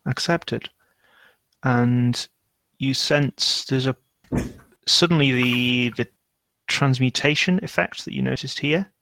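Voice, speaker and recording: Game master, male, slow and gravelly, dry close sound, unhurried narration. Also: mid-range voice, fairly bright tone, no room sound. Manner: unhurried, searching for words.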